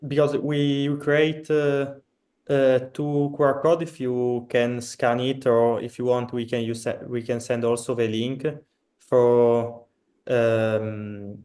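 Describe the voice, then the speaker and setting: A student presenter speaks slowly over a video call, his voice flat and even. He pauses often and searches for his words. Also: mid-range voice. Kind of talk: halting presentation.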